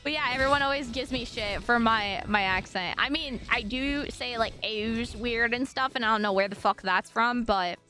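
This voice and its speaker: Bubbly, high-voiced young woman streamer. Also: moderate pace, few pauses, soft background music. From US Northwest, raised in Washington and Montana. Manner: chatty and animated, lots of fillers, swears casually, squeals and laughs when excited. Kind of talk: casual chat with viewers while gaming.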